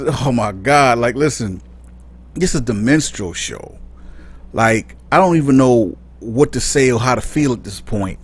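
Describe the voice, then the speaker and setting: A man's voice: medium pitch, big pitch swings, a little slow, slightly rough. A man hosting a casual commentary segment, talking in an exasperated, incredulous way and rambling with frequent restarts. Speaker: commentary channel host.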